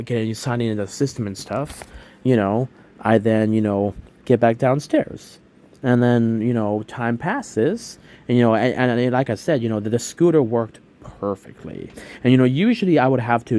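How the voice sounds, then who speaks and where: A man's voice: mid-range voice, dark tone. A young man telling a long personal story in a casual, rambling way, full of fillers and restarts. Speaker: vlogger.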